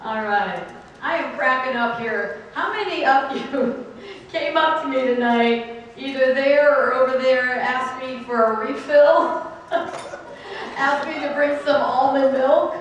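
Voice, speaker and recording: A woman's voice: sits high, slow, highs cut off. Upbeat woman hyping a hall crowd. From Atlanta, Georgia. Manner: upbeat, playful, leads crowd call-and-response. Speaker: guest speaker. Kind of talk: energetic motivational speech. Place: large convention hall. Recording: echoey hall from far off, noisy crowd.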